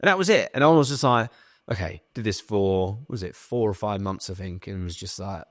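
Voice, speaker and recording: A young man, a podcast guest, casually telling a lively story, swearing and acting out the lines of the people in it. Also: fairly low pitch, brisk, dry recording, clean studio sound. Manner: swearing, animated retelling with quoted dialogue.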